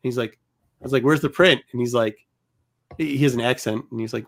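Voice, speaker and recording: A man's voice: medium pitch, fairly quick, gravelly. A man hosting a podcast, talking animatedly about a book and pressing his points with emphasis. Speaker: podcast host. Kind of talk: casual book review chat.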